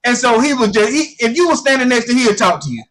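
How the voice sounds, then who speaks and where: A man's voice: very high-pitched, sing-song, fast, fairly bright tone. A man telling a long, rambling story in casual sports chat, often repeating himself. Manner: rambling storyteller, repeats "I ain't gonna lie to you". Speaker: guest commentator.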